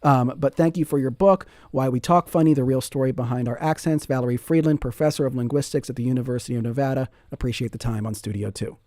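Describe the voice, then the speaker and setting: A man hosting a public radio talk show from a studio, measured and friendly as he interviews and signs off. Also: medium pitch, darkish tone, dry recording. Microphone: studio microphone.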